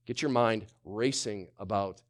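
Animated preaching man with congregation prompts. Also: on the low side, unhurried. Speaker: pastor. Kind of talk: sermon.

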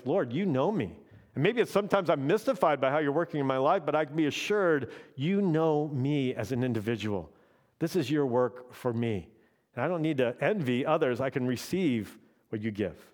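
Conversational pastor preaching, slightly high. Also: male voice. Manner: conversational, often adds "right?". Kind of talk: sermon.

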